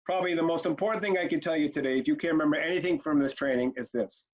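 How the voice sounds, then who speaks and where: A man with a fairly high voice talks very fast, running a parenting training webinar in a blunt, punchy way and sometimes acting out exchanges between parent and kid. The webinar audio is muffled and lo-fi.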